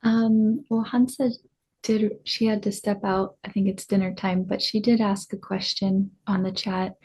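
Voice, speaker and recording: A woman's voice: medium pitch, little pitch movement, measured pace, darkish tone, slightly rough, low-quality recording. A woman co-hosting an online satsang, hesitantly relaying questions from the chat.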